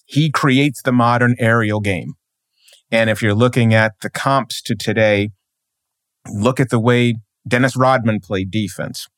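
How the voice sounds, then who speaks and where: A man's voice: medium pitch, fairly even intonation, a little slow, dry recording, studio quality. A man, a sports journalist, speaking emphatically as a podcast guest and building his points with repeated phrases. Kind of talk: podcast interview.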